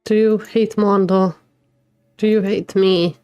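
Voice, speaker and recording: A woman's voice: medium pitch, steady tone, slow pace, dark tone, clear, resonant tone, no room sound. Emotional woman streamer reading game dialogue. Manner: emotional, reads game text aloud with reactions. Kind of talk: live gameplay commentary, reading dialogue aloud.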